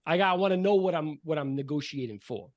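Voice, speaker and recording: A man's voice: fairly high pitch, fast talker, dry recording, clean studio sound, lightly acted. A man voicing a streetwise male tooth fairy who haggles like a mobster. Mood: haggling. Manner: gruff mob-style haggling.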